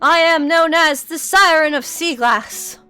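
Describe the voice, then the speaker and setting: A woman voicing a loud, overexcited dragon guardian in elf form who speaks formally. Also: unhurried, faint music behind. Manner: formal, overexcited, booming telepathic voice.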